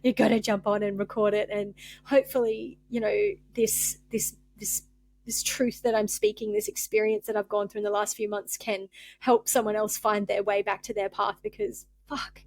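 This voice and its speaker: A woman's voice: medium pitch, steady tone, normal speed, slight background noise. A young woman hosting a candid spiritual podcast monologue, rambling and open-hearted with many fillers, emotional and close to tears. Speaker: podcast host.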